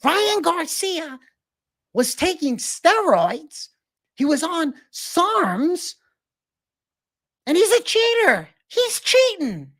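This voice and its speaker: A man putting on an impression of a male fitness commentator, speaking high and drawn out as he makes accusations. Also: very animated, extremely slow, pauses often, bright, forceful tone, full character voice. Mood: accusing. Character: shrill, slow-talking male fitness commentator.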